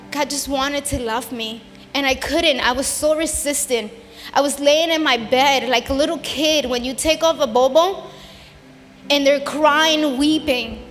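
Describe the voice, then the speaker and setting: A woman giving an earnest, emotional personal testimony in a church sanctuary, building into fervent preaching. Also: sits high. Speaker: testimony speaker at a church service. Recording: long hall reverb with soft music behind.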